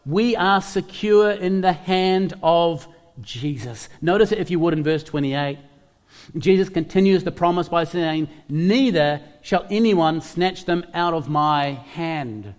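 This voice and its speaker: A man's voice: a little high, expressive, measured pace, long reverb tail. A man preaching a sermon, emphatic, repeating key phrases and putting questions to his listeners. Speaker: pastor.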